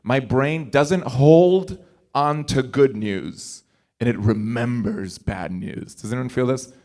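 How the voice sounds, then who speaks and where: A man's voice: mid-range voice, a little mellow. A male comedian on a conference stage doing stand-up crowd work, chatty and rambling, eagerly coaxing the audience to play along. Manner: chatty, rambling, quick restarts and asides.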